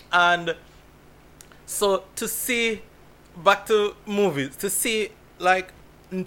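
A man in casual conversation, his voice bright and fairly high for a man. His pitch swings widely as he tells stories, and he laughs often. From Jamaica. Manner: animated storytelling with frequent laughs. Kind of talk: casual chat.

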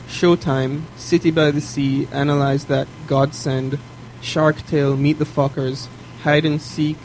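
A man with a slightly raised voice leads a relaxed conversation and runs through lists in quick order. Faint noise sits under the homemade recording. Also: fairly high pitch, rough recording. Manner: steers the talk, lists things off quickly. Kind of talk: casual chat.

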